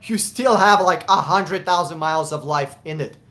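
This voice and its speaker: Man hosting a live Q&A stream, high voice, blunt and profane, repeats words for emphasis. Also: normal speed, bright, forceful tone. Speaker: host answering viewer questions.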